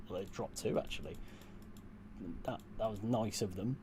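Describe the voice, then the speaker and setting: Against a noisy background, a young British streamer from the United Kingdom talks casually with his viewers and answers their questions. His lowish voice moves at a normal speed, and his style is blunt and sweary, with dry asides.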